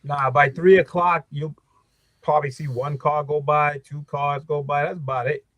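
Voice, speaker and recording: Man, casual co-host chat, laid-back, stammers at starts, a little high, dry sound. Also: level tone, moderate pace, fairly bright tone, dry recording.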